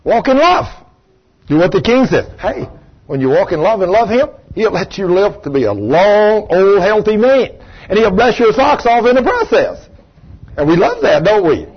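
Husky older preacher, animated sermon. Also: male voice, high voice, normal speed. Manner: animated storytelling, acting out voices. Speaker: pastor. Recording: dull lo-fi recording.

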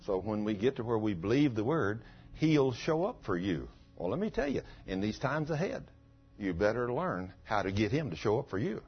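A husky, fairly low male voice carries this folksy sermon. The preacher tells his testimony as a story and builds to fervent outbursts, though the lo-fi recording sounds dull.

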